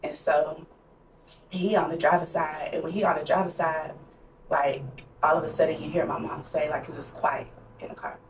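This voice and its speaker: Deep and steady at a moderate pace, a young woman tells a personal story as a podcast co-host, conversational and candid, with plenty of "like". Faint noise, roomy echo and a distant mic color the sound.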